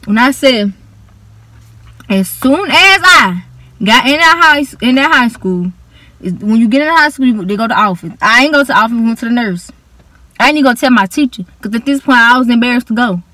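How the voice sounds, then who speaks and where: A young woman tells a story straight to camera in a loose, dramatic way. Her voice sits a little high for a woman. She leans on slang and big emphasis. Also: fairly quick, dry recording. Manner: animated, dramatic retelling with laughs and slang. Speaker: vlogger. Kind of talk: casual storytime.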